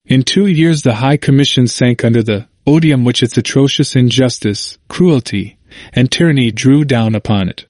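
A man reading a history book aloud as a narrator, in a measured, steady way. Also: medium pitch, dry recording, studio quality.

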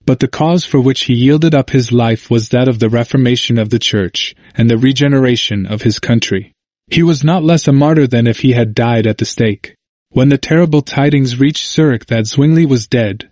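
Man, audiobook narrator, measured, solemn, mid pitch, dry close sound. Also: mellow, dry recording. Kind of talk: scripted history narration.

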